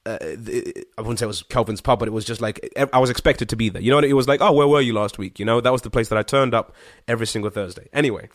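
Racing along with hardly any pauses, a guest singer-songwriter from Zimbabwe recounts a story in relaxed conversation. He's animated and slangy, full of fillers and the odd swear word, with a mid-pitched voice recorded dry and close, free of room echo.

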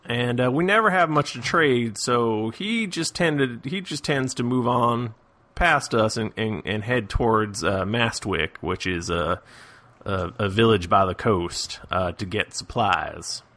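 Southern drawl, a man doing a rustic villager, rambling, folksy, bright voice, tabletop game figure. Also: mid-range voice, a little slow. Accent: put-on Southern US drawl. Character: simple rustic villager man, roundabout talker. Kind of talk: tabletop role-play.

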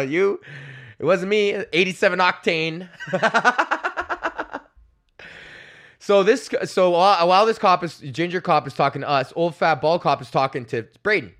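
A man's voice: sits high, moderate pace, pauses often. A young man, hosting a podcast and telling a ranting, profane comedy story, often slipping into voices of the people in it. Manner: profane, animated, acts out voices of others. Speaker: podcast host.

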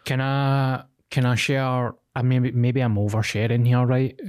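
A man's voice: mid-range voice, level tone, measured pace, darkish tone, clear, resonant tone. A young man with a Glaswegian accent, co-hosting a podcast and telling a rambling, confessional story in casual chat. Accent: Scottish, Glaswegian. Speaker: podcast co-host.

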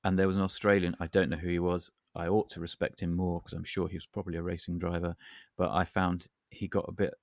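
A deep, gravelly man chatting wryly as a podcast co-host. He wanders through his stories with dry, self-deprecating asides. The sound is close and dry. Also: little pitch movement, fast talker, dry recording. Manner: wry, rambling, self-deprecating. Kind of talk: casual chat.

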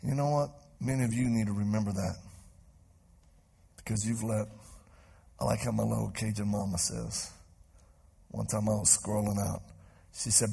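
A man preaching to a live congregation, telling a story with lively acted-out voices. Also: fairly low pitch, moderate pace, creaky, pauses often, husky. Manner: animated, acts out voices in stories. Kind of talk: sermon storytelling. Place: church stage before a live crowd.

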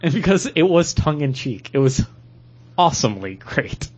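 A man co-hosting a podcast in casual chat, rambling and halting with lots of fillers and restarts. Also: fairly high pitch, big pitch swings, darkish tone, slightly rough, dull audio. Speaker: podcast co-host.

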